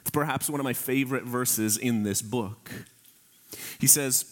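A pastor preaches a sermon in a medium-pitched voice, earnest and emphatic, slowing on key phrases and speaking directly to his congregation.

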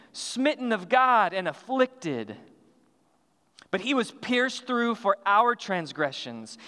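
Man preaching, high voice, smooth and resonant, long church hall reverb, earnest measured delivery. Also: sharp tone. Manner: earnest, measured preaching with slowed emphatic phrases and some restarts. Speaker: pastor. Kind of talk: sermon. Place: church sanctuary.

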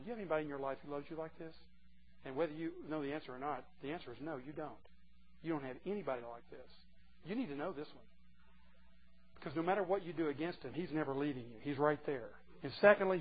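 A man preaching a sermon to a group of men, earnest and moving between hushed and emphatic delivery. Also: on the high side, slight background noise. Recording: muffled lo-fi recording.

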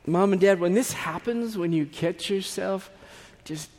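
A male pastor preaches in a chatty, storytelling way, full of asides and restarts. His voice sits a bit higher than most men's. Long reverb from a large sanctuary hangs behind him. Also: a little slow, darkish tone. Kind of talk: sermon.

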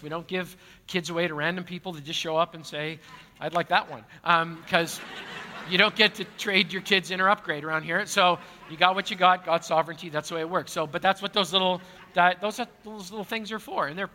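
Long hall reverb fills a church auditorium where a man, a pastor, fields questions from the congregation. His high voice comes out fast, pushed and bright, and he chats casually, repeats words and often jokes about himself.

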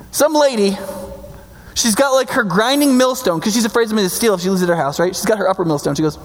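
Brief: a high-voiced male Bible teacher, animated and joking, in a reverberant hall. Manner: animated, jokey, frequent "right?" tags, acts out quotes. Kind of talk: casual storytelling lecture.

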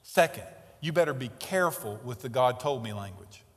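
Emphatic preacher in a reverberant church. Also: male voice, mid-range voice, animated, normal speed. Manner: emphatic preaching, swings between loud stresses and quiet asides. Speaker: pastor. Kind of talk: sermon. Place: church sanctuary.

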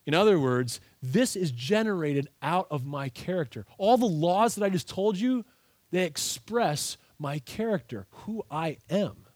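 A man preaching a sermon, reading scripture and explaining it with earnest emphasis. His voice sits a little high for a man. The sound is dry and close. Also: lively intonation, unhurried, a little mellow, no echo. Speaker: pastor.

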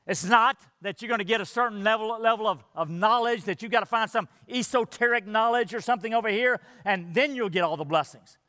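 Male preacher, high voice, earnest emphatic delivery, long church-hall reverb. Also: brisk, hardly any pauses, pushed and bright. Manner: earnest, emphatic, repeats words as he builds. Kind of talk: sermon.

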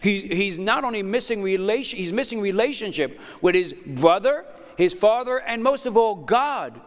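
A middle-aged man preaching a sermon as pastor, emphatic and repeating words as he builds up. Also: high-pitched. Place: church hall. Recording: long hall reverb.

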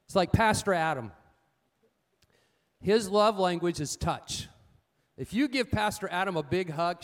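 A man with a high-pitched voice preaching a sermon. He tells folksy, humorous stories and repeats his key points. He often checks in with his listeners in call-and-response fashion. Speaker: pastor.

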